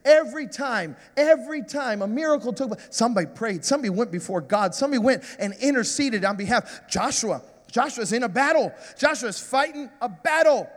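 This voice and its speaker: Man, high voice, pastor preaching, storytelling, long church-hall reverb. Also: lively intonation, brisk, hardly any pauses. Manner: storytelling, rising to passionate preaching. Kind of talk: sermon. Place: church sanctuary.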